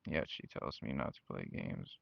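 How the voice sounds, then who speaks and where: A young man speaks straight to his viewers, frank and venting, slipping into mocking voices when he quotes his family. His voice is very deep and gravelly, and his pace is unhurried. The recording is dry and a bit dull and lo-fi. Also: expressive, no echo. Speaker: channel host. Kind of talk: personal talk to camera. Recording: dull lo-fi mic.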